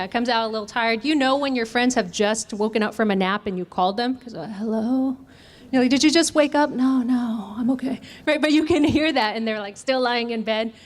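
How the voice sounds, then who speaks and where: A woman trainer leading an interactive workshop, asking the audience questions and answering them. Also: a little high. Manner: engaging, asks audience questions. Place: conference room.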